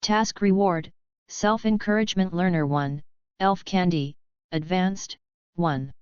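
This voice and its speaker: A cold game system voice issuing tasks and reading stats as flat lists, read by a woman with a low, smooth voice. Dry, slightly dull storybook recording. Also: slow, no room sound.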